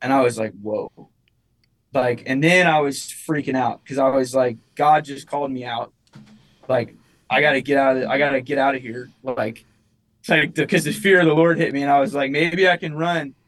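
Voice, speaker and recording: A man's voice: mid-range voice, steady tone, fairly quick, a bit bright, low-quality recording. A young man, a musician guest, telling a personal story in casual chat, rambling with lots of restarts and fillers.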